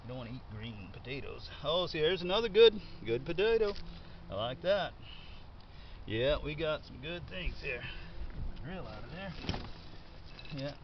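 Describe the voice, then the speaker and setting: A man's voice: on the high side, moderate pace, pauses often. A man chatting casually and thinking aloud as he digs up potatoes in his backyard garden, exclaiming happily at what he finds. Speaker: home gardener. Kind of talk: casual narration while digging up potatoes. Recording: dull lo-fi sound with steady background noise.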